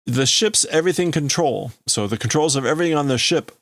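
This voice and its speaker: A man hosting a livestream, working slowly through a manga translation out loud, halting and stopping often to explain words. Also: mid-range voice, animated, no echo. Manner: slow, halting, stops to explain words and reads lines in a raised voice. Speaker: livestream host. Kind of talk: casual live translation of a manga.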